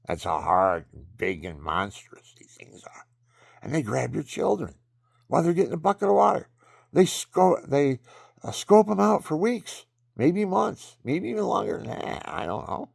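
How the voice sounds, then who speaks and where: A man talking straight to his video camera in a rambling monologue that swings into excited preaching. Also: a little high, moderate pace, vocal fry, no echo, clean studio sound. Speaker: video maker.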